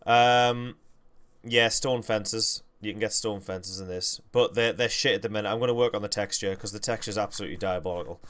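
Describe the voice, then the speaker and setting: Young man, low smooth voice, rambling livestream commentary. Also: steady tone, fairly quick, fairly bright tone. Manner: rambling, self-correcting, jokey. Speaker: gaming livestream host. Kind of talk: casual game commentary.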